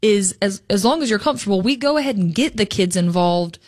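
A woman's voice: medium pitch, lively intonation, fairly quick, no echo, studio quality. Southern woman co-hosting a finance radio show. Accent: Southern US (Alabama). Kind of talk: casual radio chat.

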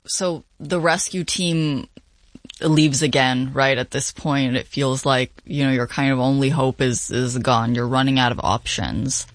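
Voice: mid-range voice, fairly even intonation, a little slow. An interviewer asking questions and recapping the guest's story.

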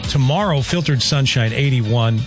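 Folksy radio host. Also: male voice, medium pitch, normal speed, music in the background. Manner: folksy, rambling, chuckling asides. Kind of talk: casual radio chat and weather read. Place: radio studio. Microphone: studio microphone.

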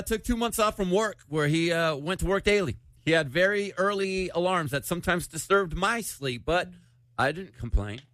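A man's voice: a little high, fairly bright tone, no echo. A man hosting a morning radio show, chatting casually and reading a listener's letter aloud. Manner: chatty, laughs easily.

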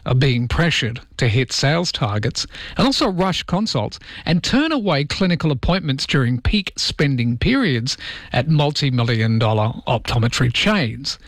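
A man's voice: fairly high pitch, fairly bright tone, dry recording. Chatty Australian male radio host. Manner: chatty, self-deprecating, reads listener texts. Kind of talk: early-morning radio chat and news read.

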